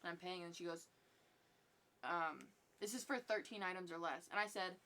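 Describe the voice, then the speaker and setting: A woman's voice: lowish voice, normal speed, pushed and bright. A young woman co-hosting a casual podcast, chatty and blunt, laughing easily. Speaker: podcast co-host. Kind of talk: casual chat.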